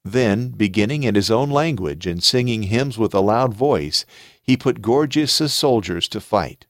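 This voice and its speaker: Male reader, lower register, solemn and deliberate, dry studio sound. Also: lively intonation, dry recording. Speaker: scripture reader. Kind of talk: measured scripture reading.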